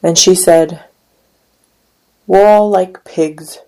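A woman giving a deliberate poetry reading, letting some line endings fall to a near whisper. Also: lowish voice, fairly even intonation, dark tone, low-quality recording. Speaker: poet.

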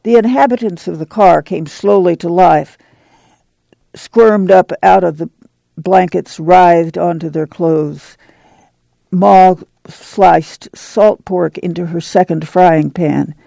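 A man narrating an audiobook at a steady, measured pace. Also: high-pitched, creaky, no room sound, rough recording.

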